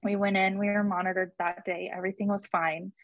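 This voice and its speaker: A woman's voice: mid-range voice, brisk, no echo, highs cut off. Young woman guest, chatty storytelling, laughs a lot, dry close sound. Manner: chatty, animated quoting of others, laughs often. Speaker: guest telling her birth story. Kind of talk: casual storytelling in an interview.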